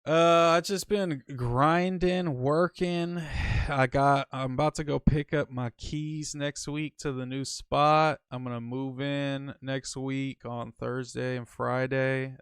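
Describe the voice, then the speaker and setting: A laid-back man with a Northern Californian accent, talking slangy banter as a livestream co-host. His voice has a gravelly fry yet stays smooth and resonant. The sound is close and dry. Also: medium pitch, steady tone, slow pace, no room sound. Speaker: podcast co-host. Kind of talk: casual livestream chat.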